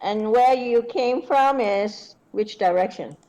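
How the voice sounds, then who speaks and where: A woman's voice: a little high, takes it slowly, mellow, poor audio. Inquisitive woman at the game table. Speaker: player. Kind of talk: casual tabletop play.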